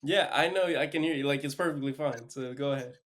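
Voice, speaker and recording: A man's voice: mid-range voice, quick pace, a bit bright. A young man co-hosting a casual podcast over a call, laid-back and teasing, swearing freely. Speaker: podcast co-host. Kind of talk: casual chat. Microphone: remote call mic.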